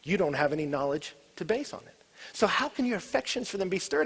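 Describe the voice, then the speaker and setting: Husky, high-voiced excitable male preacher. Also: quick pace. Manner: animated, swings from loud excited bursts to hushed intensity. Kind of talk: sermon.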